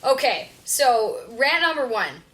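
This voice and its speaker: A woman's voice: high-pitched, sing-song, takes it slowly, fairly bright tone, rough recording. A Canadian woman from Ontario co-hosting a crude comedy podcast, drawling hoser slang and swearing casually. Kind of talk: crude comedy sketch chat.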